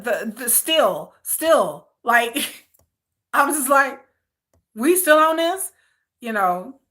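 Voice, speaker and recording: Bright-voiced woman ranting animatedly. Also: a little high. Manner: animated, exasperated ranting with frequent repeats. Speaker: vlogger. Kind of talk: casual chat.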